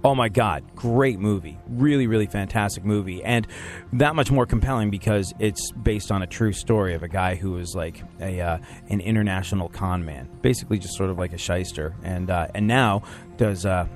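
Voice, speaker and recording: A man's voice: sits low, moderate pace, a little mellow, soft background music. A man hosting a radio show, rambling through jokes and laughing often. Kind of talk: casual banter on a radio show.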